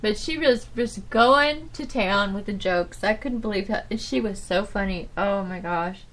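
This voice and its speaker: A woman hosting her own podcast, telling stories from her old job in a rambling, animated way, full of restarts and "you know"s. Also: mid-range voice, unhurried, a little hiss or hum. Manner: animated, swinging from loud to soft. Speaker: podcast host. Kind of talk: casual storytelling monologue.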